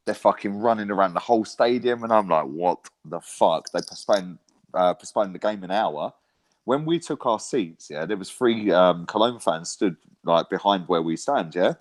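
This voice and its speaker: A man telling animated, swear-filled football stories in a casual chat, tagging lines with "right?" and "mate". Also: sits low, normal speed. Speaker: co-host, football fan pundit.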